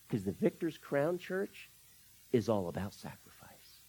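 Preaching at a measured pace with slight background noise, this pastor has a mid-pitched voice that swoops up and down with energy. The sermon explains scripture verse by verse and keeps posing rhetorical questions to the congregation.

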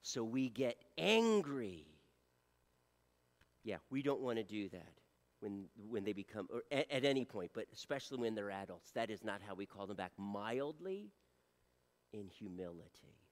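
A man preaching a sermon to his church. He shifts from loud appeals to soft, hushed lines. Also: fairly low pitch, big pitch swings, normal speed, big-room sound. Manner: earnest preaching, swings from loud appeals to soft near-whispers. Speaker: pastor.

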